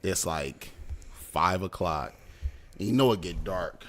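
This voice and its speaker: A man's voice: deep voice, takes it slowly, a bit bright, a little hiss or hum. A man co-hosting a podcast in casual chat, explaining at an easy pace and checking in with "right?" and "you know what I'm saying". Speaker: podcast co-host.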